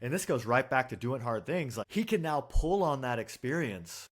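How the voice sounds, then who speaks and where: A man hosts a conversational podcast interview. He sums up his guest's points in an earnest, reflective way, and his voice sits at a middle pitch. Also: sing-song, normal speed. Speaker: podcast host.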